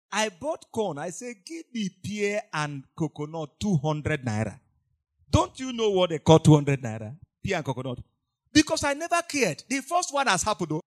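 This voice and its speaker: High, lively-voiced preacher. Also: male voice. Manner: emphatic, repeats phrases, swings between soft asides and loud cries. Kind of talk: sermon.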